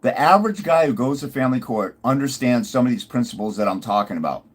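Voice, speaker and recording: A fathers' rights consultant talks very quickly in a medium-pitched voice with lively intonation. In this ranting commentary video he is combative and mocking, repeating his put-downs as he builds his argument.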